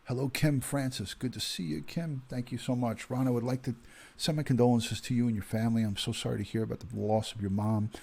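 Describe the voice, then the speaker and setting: A man's voice: mid-range voice, steady tone, a little fast, creaky, few pauses, darkish tone, breathy edge. A man in his fifties, a retired detective hosting a casual livestream, chatting with viewers and greeting them by name with plenty of ums and uhs. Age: 50s.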